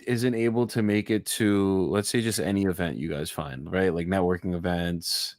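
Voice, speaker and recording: A young man hosting a casual livestream chat, excitable and joking, swearing casually as he talks. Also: low voice, moderate pace, no echo, clean studio sound. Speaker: livestream host.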